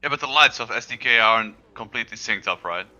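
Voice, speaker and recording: A man chatting during sim racing commentary, asking questions in a lively way. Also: mid-range voice, fast talker, lo-fi sound. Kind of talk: casual sim racing chat.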